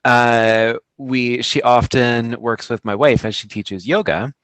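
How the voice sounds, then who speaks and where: A man speaks as a podcast guest in an unhurried, measured manner. He pauses often to think between phrases. His voice sounds dry and close to the mic, with no room echo. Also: mid-range voice, fairly even intonation, fairly bright tone. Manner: measured, thoughtful, with fillers. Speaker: guest dog trainer. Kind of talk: casual podcast conversation.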